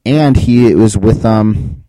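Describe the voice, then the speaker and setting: A man's voice: on the low side, slow pace, dark tone, no echo. A man co-hosting a podcast in casual chat, laid-back and hedging his points with questions. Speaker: podcast co-host.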